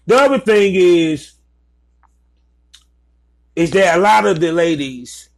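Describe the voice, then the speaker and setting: A man's voice: high-pitched, lively intonation, slow pace, creaky. A man giving blunt, profane business advice in a casual, ranting commentary. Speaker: vlogger giving advice to content creators.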